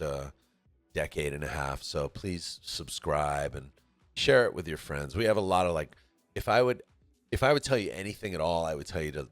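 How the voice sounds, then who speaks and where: A man's voice: very deep voice, no echo. A man from California giving laid-back, chatty commentary on a pool match, often laughing as he talks. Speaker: stream commentator.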